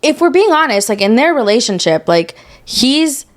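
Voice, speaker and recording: Lively, higher-voiced gossiping woman. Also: moderate pace. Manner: chatty gossip, many "like" fillers. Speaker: podcast co-host. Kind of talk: casual chat.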